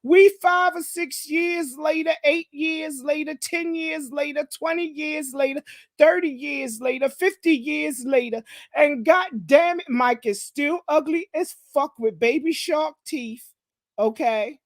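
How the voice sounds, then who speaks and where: High-voiced woman ranting with profanity. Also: unhurried, dry recording. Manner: profane, mocking, confrontational, repeats "okay?". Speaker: gossip commentary host. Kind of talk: ranting commentary monologue.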